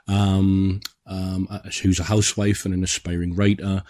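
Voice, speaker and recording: A man co-hosting a film podcast, speaking in a measured way with many pauses and ums. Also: deep voice, flat delivery, mellow, no echo. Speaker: podcast co-host, film critic. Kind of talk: casual film discussion.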